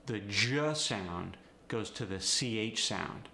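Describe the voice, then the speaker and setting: Bright, lively-voiced male accent coach. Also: fairly low pitch, slow, vocal fry. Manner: instructive, breaks down sound swaps. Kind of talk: step-by-step accent tutorial. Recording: echoey room with faint noise.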